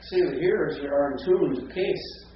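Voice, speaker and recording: A man's voice: a little high, normal speed, recorded from a distance, a little hiss or hum. A man teaching a seminary class, talking conversationally and often checking in with "right?" and "see?". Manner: conversational, with frequent tag questions. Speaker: seminary professor. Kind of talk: classroom lecture with discussion. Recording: echoey lo-fi classroom recording from afar.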